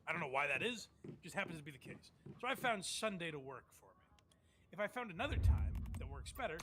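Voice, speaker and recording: Male host, high and lively voice, rambling and profane, reacting to clips on stream. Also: slight background noise. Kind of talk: casual commentary on clips.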